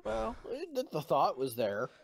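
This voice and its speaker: A man co-hosting a casual podcast, playful and joking with quick laughs. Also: a little high, huge pitch swings, vocal fry, slightly rough, no room sound, studio quality. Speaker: podcast co-host. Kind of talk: casual chat.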